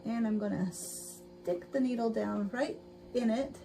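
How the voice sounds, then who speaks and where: Warm and a bit gravelly, this woman's slightly high voice keeps a measured pace, with faint music behind her. She hosts a casual sewing livestream, chatting to viewers, narrating each step and laughing often. The noisy stream audio includes sewing machine noise.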